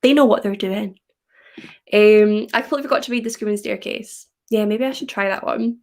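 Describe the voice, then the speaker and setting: A young woman from Scotland with a softened Scottish accent, chatting casually on a livestream and reading viewer comments aloud. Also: mid-range voice, fairly even intonation, a little fast. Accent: Scottish, softened by English. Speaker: livestream host.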